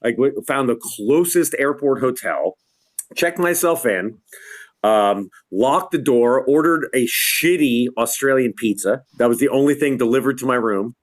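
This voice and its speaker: A man's voice: medium pitch, expressive, a little slow. A middle-aged man, a lighting designer and guest, telling a tour story in a casual way, acting out quotes and laughing often, over a video call from his home.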